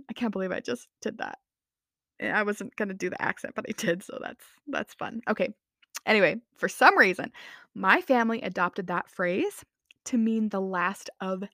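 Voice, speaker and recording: A woman's voice: mid-range voice, fairly bright tone, no room sound, studio quality. A woman in her twenties hosting a casual solo podcast, rambling and self-mocking, with many "like"s and "anyway"s. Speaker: podcast host.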